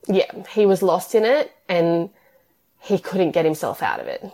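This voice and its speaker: A woman's voice: lowish voice, sing-song, unhurried, mellow. A woman, telling her story as an interview guest in long, tumbling run-on sentences full of "like". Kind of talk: emotional personal interview.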